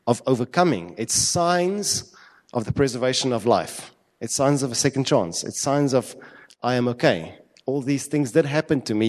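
Male preacher, mid-pitched, conversational but emphatic, rhetorical questions, long reverberant hall sound. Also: darkish tone. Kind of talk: sermon.

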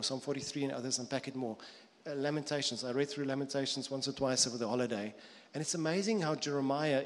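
A man's voice: fairly high pitch, a bit bright. Guy giving a sermon, chatty, does little voices for the quotes, long reverb like a church hall. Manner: conversational, acts out quoted voices for illustration. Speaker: preacher.

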